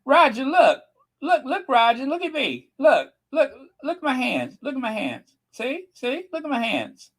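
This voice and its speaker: A man's voice: very high-pitched, very animated, unhurried, fairly bright tone, pitched above the performer's own voice, full character voice. A man mimicking a coy showy woman. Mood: teasing. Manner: coy, sing-song teasing. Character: flirty showy woman demanding attention.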